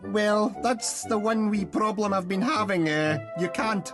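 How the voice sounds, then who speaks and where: A man's voice: sits high, measured pace, over music. An actor playing a weary, grim old Scottish man with a broad accent in a radio comedy sketch. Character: gruff old Scottish man who shot walnuts.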